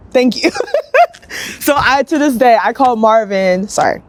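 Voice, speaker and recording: A young woman sculptor telling her story in a casual, upbeat interview, chatty and lively, acting out other people's lines as she goes. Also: fairly high pitch, dry recording. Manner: chatty, upbeat, quick bursts, acts out quoted voices.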